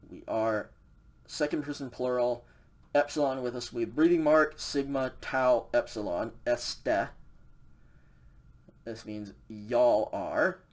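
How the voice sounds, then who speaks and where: A man's voice: medium pitch, takes it slowly. A man teaching a recorded language lecture over slides, explaining casually with many fillers and a frequent "okay" check.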